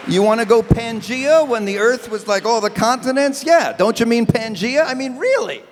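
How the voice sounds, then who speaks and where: Man, stand-up host on a live stage: quick wisecracks, very animated melody. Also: very high-pitched, long reverb tail, crowd noise, background noise. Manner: animated, wisecracking, punchy delivery. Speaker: stand-up comedian hosting an event. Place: event stage before a live audience.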